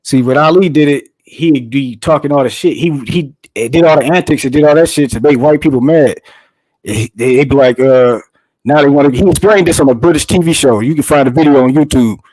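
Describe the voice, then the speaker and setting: A man's voice: a little high, a little fast, a little mellow, no echo, low-quality recording. A man in casual chat, talkative and profane, explaining his views at length.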